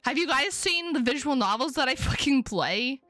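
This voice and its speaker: Bright-voiced woman streamer, joking and swearing. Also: high voice, animated, moderate pace, no echo. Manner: playful, joking, swears freely. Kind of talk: casual live-stream chat, reading game text aloud.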